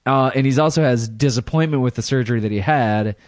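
A man's voice: medium pitch, quick pace, dry recording. Man reading odd news with crude jokes. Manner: laughs often, crude jokes, joking asides. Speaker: podcast co-host. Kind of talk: casual comedic chat, reading out news stories.

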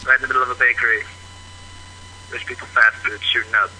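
A man's voice: mid-range voice, flat delivery, quick pace, bright, forceful tone, slight background noise. A man from Missouri leaving a rambling voicemail story on a phone line, full of fillers. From Missouri, USA. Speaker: caller.

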